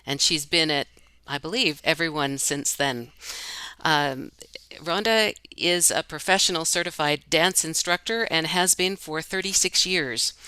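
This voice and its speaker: Woman host, crisp and smooth voice, upbeat, dry video-call audio. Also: sits low, pushed and bright, dry recording, poor audio.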